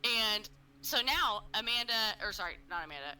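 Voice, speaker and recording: A woman's voice: medium pitch, animated, moderate pace, pushed and bright, poor audio. A woman co-hosting a casual podcast, telling a story full of fillers and swearing and acting out what people said. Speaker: podcast co-host. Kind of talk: casual true-crime podcast chat.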